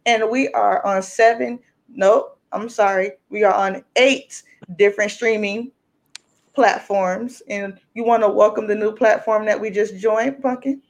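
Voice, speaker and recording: Loud, playful woman podcast host. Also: medium pitch, steady tone, measured pace. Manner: loud, playful, slangy and teasing. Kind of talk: casual podcast chat.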